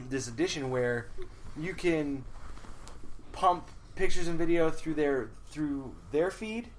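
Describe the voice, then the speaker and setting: A man in his thirties rambles through a loose podcast chat. He swears freely, laughs often and stops now and then to clear his throat. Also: a little high, slow pace, slight background noise. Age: 30s. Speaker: podcast co-host. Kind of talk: casual chat.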